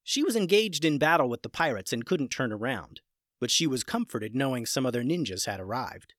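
A podcast storyteller narrating a children's adventure in an expressive read-aloud. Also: medium pitch, fairly quick, dry recording, studio quality.

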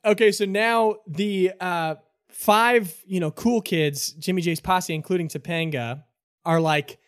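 A man's voice: high-pitched, a little slow, smooth, dry recording, clean studio sound. A man narrating as game master in a tabletop role-playing game, loose and full of fillers.

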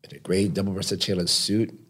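A man with a very deep, husky voice tells his stories as a podcast guest. He is animated and acts out the people he talks about, with a grainy edge on his low tone. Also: brisk. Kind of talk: storytelling in conversation. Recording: podcast studio mic.

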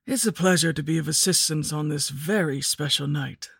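A woman voicing a courteous stranger man who speaks in a raspy voice, in a horror story reading. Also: low-pitched, moderate pace, no echo, clean studio sound, exaggerated voice. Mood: polite. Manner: courteous, formal phrasing.

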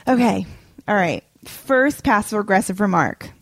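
A woman's voice: mid-range voice, animated, moderate pace, no echo. A young woman co-hosting a casual podcast, upbeat, laughing often as she runs a game. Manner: upbeat, reads remarks aloud, laughs often. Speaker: podcast co-host, game presenter. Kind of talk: casual chat.

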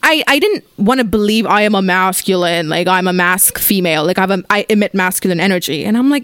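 A woman in her twenties hosting a casual solo podcast from her apartment, talking bluntly and profanely with animated storytelling. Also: medium pitch, fast talker, dry recording, clean studio sound. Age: 20s. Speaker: podcast host.

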